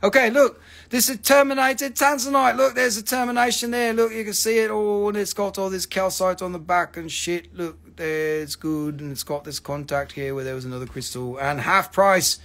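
A man's voice: sits high, steady tone, normal speed, fairly bright tone. A man hosting a live mineral sale, chatting casually with lots of swearing and rambling jokes. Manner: profane, rambling, joking. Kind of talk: casual live-stream selling chat.

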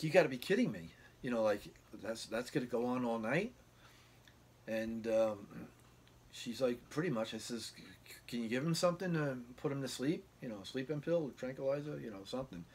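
A man's voice: medium pitch, a little mellow, slightly rough. A man casually telling a long rambling story from his bedroom, acting out the quoted dialogue with lots of fillers and restarts. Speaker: guitar vlogger. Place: home bedroom.

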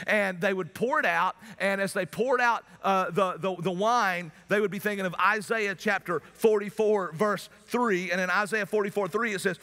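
A pastor preaching a sermon in a conversational way, at times breaking into loud shouts. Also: male voice, high voice. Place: church sanctuary. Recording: long church hall reverb.

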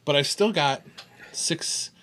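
A man's voice: a little high, slow pace, fairly bright tone. A man co-hosting a podcast, chatting casually about beers and rambling through his thoughts with restarts. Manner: rambling, chuckling, self-correcting. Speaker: podcast co-host. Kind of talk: casual chat tasting beer.

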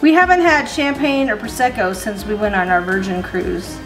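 A woman's voice: medium pitch, steady tone, moderate pace, music in the background, low-quality recording. A woman co-hosting a cocktail-making video, bubbly, giggly and chatty. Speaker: cocktail show co-host, called first mate. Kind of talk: casual cocktail-making chat.

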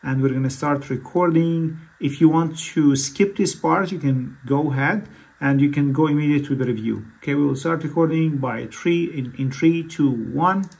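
Playing a doctor in a mock patient consultation, a man speaks hesitantly, full of fillers and restarts. His voice is fairly high, gravelly and a little mellow, at normal speed, recorded far from the mic in an echoey room.

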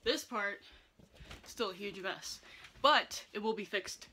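Speaking slowly in a medium-pitched, pushed and bright voice, a young vlogger chats with her viewers while handling chores, somewhat out of breath. She's chatty and pokes fun at herself, talking to the audience directly. The clip, shot on a selfie-stick phone camera at home and then in a car, has slight background noise.

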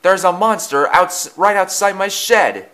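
A man's voice: expressive, fairly quick, a bit bright. A man putting on a jumpy little tank engine. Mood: indignant. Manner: high, jumpy, panicky cries. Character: small frightened young male tank engine. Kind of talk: storybook character voice.

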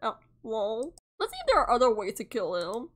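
Young woman, high voice, sarcastic, giggly, quick asides, game playthrough. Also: wildly swooping pitch, fairly bright tone. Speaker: game player reading aloud. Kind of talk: playthrough narration.

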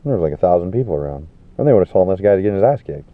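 A man telling a rambling festival story, animated and swearing, acting out the people he quotes. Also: sits low, racing, no echo. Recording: tinny phone-like sound.

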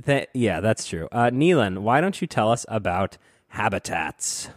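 A man's voice: lowish voice, sing-song, unhurried, dry recording, studio quality. A man hosting a board game podcast, joking and teasing his co-hosts in a playful, chatty way. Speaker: podcast host. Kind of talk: casual podcast chat.

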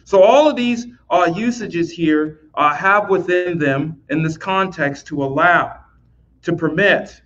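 A man's voice: a little high, slow pace, a bit bright. Man teaching scripture, lo-fi sound. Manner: conversational, repeats words, checks in with "right?". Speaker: Bible teacher. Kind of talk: recorded Bible lesson.

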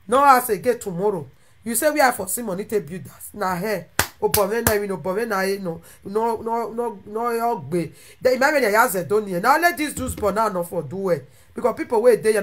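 A woman speaking with a Nigerian Pidgin accent, ranting animatedly to her followers and swinging between loud outbursts and quieter asides. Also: mid-range voice. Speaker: social media content creator. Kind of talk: impassioned monologue to followers.

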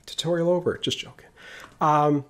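A man with a fairly high, fairly even voice at normal speed runs a screen-recorded coding tutorial. As a programming instructor, he jokes around casually and describes each step as he types.

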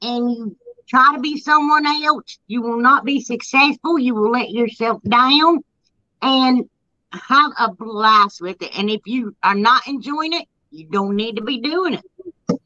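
Woman, high voice, bright tone, blunt joking chat, laughs a lot. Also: measured pace, dry recording, highs cut off. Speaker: YouTube channel host. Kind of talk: casual chat.

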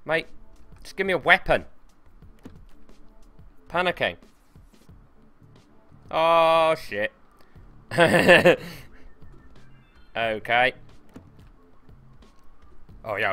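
Excitable sweary man streaming. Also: lowish voice, slow, long pauses, soft background music. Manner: excitable, sweary, talks to chat. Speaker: game streamer. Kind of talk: casual gameplay livestream commentary.

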